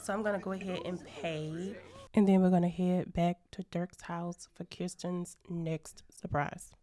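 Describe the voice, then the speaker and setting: A woman's voice: fairly low pitch, level tone, unhurried, mellow. Chatty woman narrating life-sim gameplay. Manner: chatty, storytelling, voices her characters. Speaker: gaming channel host.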